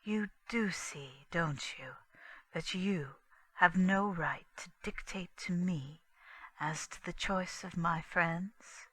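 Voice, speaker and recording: A cool, defiant young English wife, as a woman reader puts her on, quiet and icy in a slow storybook reading. The voice is bright and dry. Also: on the low side, no echo. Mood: cold.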